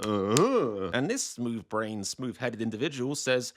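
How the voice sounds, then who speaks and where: A man's voice: mid-range voice, expressive, moderate pace, a bit bright. A British man hosting political commentary, sarcastic and mocking with frequent swearing.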